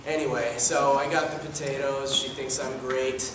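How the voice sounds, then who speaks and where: A man's voice: mid-range voice, flat delivery, normal speed, background noise, close to an everyday voice. A man playing a sly, lazy adopted son, talking in a dry, offhand way in an improv comedy scene. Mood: smug. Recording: echoey room from far off, live stage.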